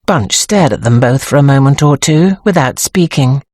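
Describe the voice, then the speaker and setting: Low, expressive woman narrating. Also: normal speed, dry recording, studio quality. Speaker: audiobook narrator. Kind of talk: scripted narration.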